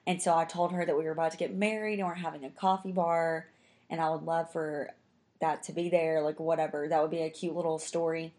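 Young woman, low voice, casual chat, chatty, lots of "like". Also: fairly even intonation, brisk, a little mellow. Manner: chatty, says "like" constantly. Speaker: storyteller.

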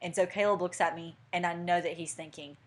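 A woman's voice: fairly low pitch, brisk. A young woman co-hosting a podcast, telling a story in casual chat and acting out what people said. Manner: animated storyteller, acting out quotes. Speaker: podcast co-host.

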